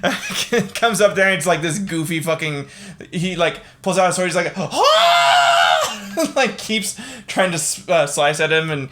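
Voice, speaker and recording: A man's voice: a little high, moderate pace, background noise. A man hosting a casual history podcast, reading the account with filler words and breaking off into profane, laughing asides. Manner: irreverent, profane, laughs at own jokes. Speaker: podcast host.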